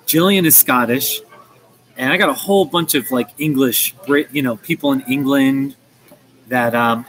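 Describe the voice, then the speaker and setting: A man's voice: fairly high pitch, a bit bright, rough recording. An American man chatting casually on a livestream, rambling with lots of restarts and fillers. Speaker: livestream host. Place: coffee shop. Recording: faint café ambience.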